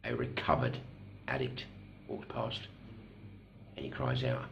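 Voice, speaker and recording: Very deep gravelly man. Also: sing-song, lo-fi sound, slight background noise. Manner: blunt and self-deprecating, swears, slow deliberate storytelling with pauses. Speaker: recovering addict sharing his story. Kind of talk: candid personal vlog, telling a parable.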